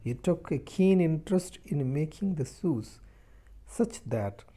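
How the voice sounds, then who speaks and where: Slow, mellow-voiced male teacher explaining a story. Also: fairly high pitch, animated. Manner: reads a sentence, then restates it slowly in simpler words; halting, with repeated words and restarts. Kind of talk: reading a story aloud and explaining it line by line.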